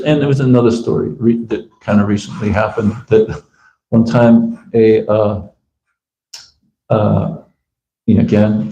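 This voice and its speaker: Male preacher, informal sermon style, acts out quick dialogue; gravelly, reverberant room sound. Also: mid-range voice, warm tone, slight background noise. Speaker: visiting preacher giving a scripture class. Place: temple room.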